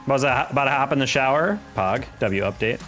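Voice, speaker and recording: A man's voice: mid-range voice, lively intonation, brisk, fairly bright tone, faint music behind. A young man chatting casually on a live game stream, rambling and reacting to chat while he plays.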